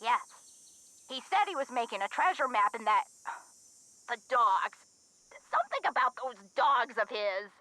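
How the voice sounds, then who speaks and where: Older game lady, ex of a gangster, folksy drawl, bright tone, slightly high. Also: big pitch swings, a little slow, pauses often, no echo, heavily acted, low-quality recording. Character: older woman, gangster's former sweetheart, folksy. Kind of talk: video game voice acting.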